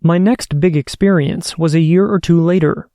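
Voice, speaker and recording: A man hosting a podcast, reading listener stories aloud in a steady, earnest way. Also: fairly high pitch, normal speed, dry recording, studio quality. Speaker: podcast host.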